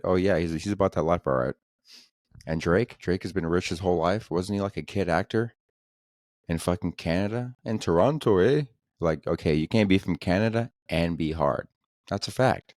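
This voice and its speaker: A man's voice: low-pitched, normal speed, a little mellow, dry recording, studio quality. A young man hosting a solo comedy podcast, talking in a crude, sarcastic, rambling way. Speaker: podcast host.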